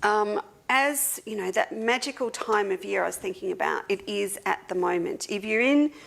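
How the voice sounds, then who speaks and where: A woman's voice: mid-range voice, moderate pace, creaky. An Australian woman hosting a casual livestream for her quilting shop, chatting to viewers and greeting them one by one by name. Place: seated at a table indoors.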